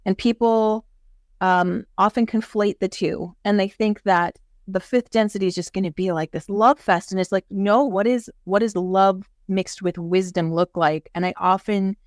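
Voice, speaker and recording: A woman's voice: mid-range voice, dry recording, studio quality. A woman speaking as an interview guest, earnest and explanatory as she talks through spiritual ideas. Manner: earnest, explanatory, acts out quoted voices. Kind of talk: casual interview chat.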